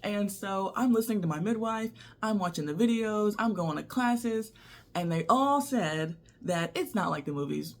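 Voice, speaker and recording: A young woman telling a personal story to the camera in a casual, animated way, often laughing. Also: medium pitch, normal speed. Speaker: vlogger.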